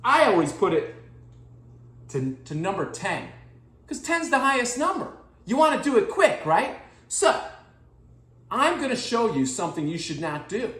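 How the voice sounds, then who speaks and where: Woman as a dim, proud home-cook guy; lively pitch, echoey room. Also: normal speed, long pauses. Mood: goofy boastful. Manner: boastful, deadpan silly, jumpy loudness. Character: clueless goofy male home-cooking guy. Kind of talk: comedy sketch monologue.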